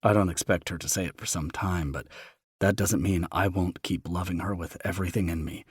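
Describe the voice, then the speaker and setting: Man reading a romance audiobook, very deep voice, tender and slow, dry studio sound. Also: steady tone, breathy edge, no echo. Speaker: audiobook narrator. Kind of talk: first-person romance narration.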